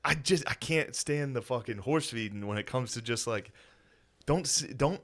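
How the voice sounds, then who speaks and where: A man's voice: medium pitch, moderate pace, a bit bright. A man in his thirties co-hosting a podcast, telling family stories in casual chat, swearing and laughing as he goes. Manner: profane, laughing storyteller, mimics family. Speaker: podcast co-host.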